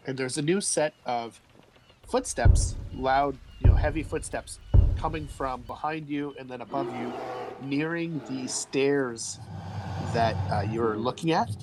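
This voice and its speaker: A man narrates a tabletop game as its game master. His voice sits in an ordinary middle pitch, and he describes each scene with easy, relaxed humor, calling for rolls between descriptions. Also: unhurried, over music, poor audio.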